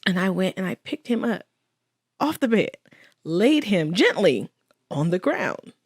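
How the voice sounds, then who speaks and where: A woman's voice: mid-range voice, very animated, a little slow, breathy edge, no echo, clean studio sound. A woman guest in an interview telling a personal story with earnest faith and quoted dialogue. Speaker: guest, widow.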